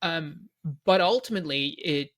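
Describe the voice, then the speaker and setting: A man's voice: on the high side, normal speed. Chatty man with a Canadian accent. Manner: rambling, animated storytelling with many fillers. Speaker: co-host, game organizer. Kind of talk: casual podcast chat.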